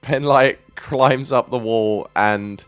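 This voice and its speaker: A male player in a tabletop game describes his character's clumsy moves at an unhurried pace, chuckling along. His voice sits lowish but sounds bright and forward. Faint music plays behind. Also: clear, resonant tone. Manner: slow, amused, laughing through his actions. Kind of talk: casual tabletop play.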